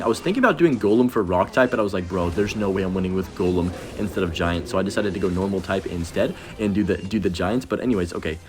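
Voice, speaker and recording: A young man giving casual, rambling commentary over his own gameplay, self-deprecating and reacting quickly to each play. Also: deep voice, a little hiss or hum. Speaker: gaming commentator.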